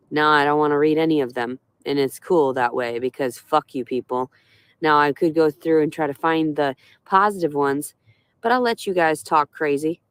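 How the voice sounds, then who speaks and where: A woman's voice: fairly low pitch, no echo. A woman ranting bitterly on a livestream from inside her car, sarcastic and swearing heavily. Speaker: livestreaming vlogger. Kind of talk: profane ranting monologue.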